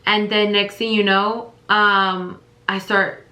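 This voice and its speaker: A woman's voice: mid-range voice, flat delivery, slow pace, pushed and bright. A woman vlogger telling a casual storytime, rambling with lots of fillers as she retells events. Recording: roomy echo.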